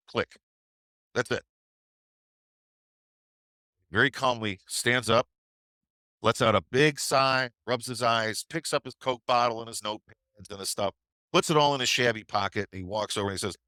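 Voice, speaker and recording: A man's voice: mid-range voice, moderate pace, long pauses, bright, forceful tone, no echo. A middle-aged man who teaches trading, telling a story on a webinar in a chatty way with tag questions. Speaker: trading educator.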